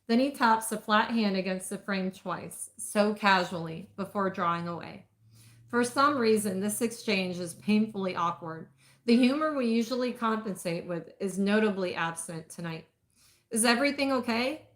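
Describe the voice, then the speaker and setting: A woman reading first-person romance narration in an intimate, measured way. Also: medium pitch. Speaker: audiobook reader.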